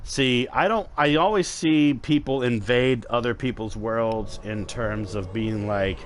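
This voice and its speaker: A man's voice: medium pitch, lively intonation, slow. A man casually chatting to viewers while streaming a game, rambling and swearing freely. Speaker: gaming streamer. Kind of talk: casual live gameplay commentary.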